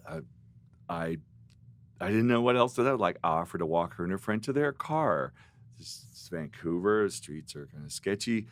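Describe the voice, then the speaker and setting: A middle-aged man, a guest musician, telling animated, rambling stories in a podcast interview. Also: lowish voice, a little slow, pauses often. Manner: animated storyteller, rambling with restarts.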